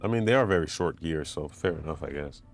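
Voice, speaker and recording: A man giving chatty, self-mocking commentary while playing a racing game, getting excited when he pulls ahead. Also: a bass voice, fast talker, soft background music. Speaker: gamer commentating his play. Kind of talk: casual gameplay commentary. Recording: game engine noise behind voice. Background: racing game car sounds.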